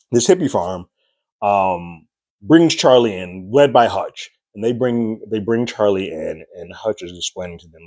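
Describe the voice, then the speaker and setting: A man's voice: low voice, darkish tone, no room sound. A man casually recapping and reviewing a TV episode, telling the story loosely and jumping into a raised voice to act out what characters say. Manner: loose, chatty storytelling, acting out quotes in a raised voice. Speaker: podcast reviewer.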